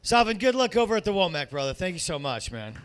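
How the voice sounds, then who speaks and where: A man hosting a comedy show, with a loud, crude, rowdy delivery. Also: high-pitched, very animated, fast, slight background noise. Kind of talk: stand-up emceeing.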